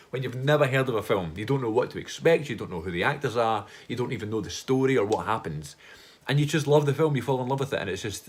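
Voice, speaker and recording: A man with a slightly low voice talks straight to his audience in a casual film vlog. He rambles and restarts, piles on enthusiasm, and drops in slang and the odd curse. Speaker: film vlogger and podcast host.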